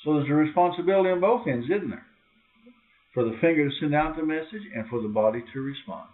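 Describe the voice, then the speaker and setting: A man preaching an informal sermon to a small group, acting out quoted voices with sudden high, loud cries. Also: animated, fast. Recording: tinny, phone-like lo-fi recording.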